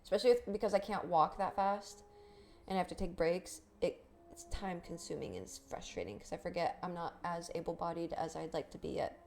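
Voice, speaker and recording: A woman's voice: lowish voice, fairly quick, gravelly, darkish tone, slight background noise. A young woman streamer chatting casually on a live stream, rambling, swearing and laughing often. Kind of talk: casual livestream chat.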